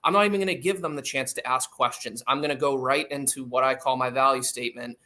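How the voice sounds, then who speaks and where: Bright-voiced man explaining sales technique. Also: medium pitch, fast talker. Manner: emphatic, demonstrates phone lines aloud. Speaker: sales trainer. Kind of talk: explanatory interview answer.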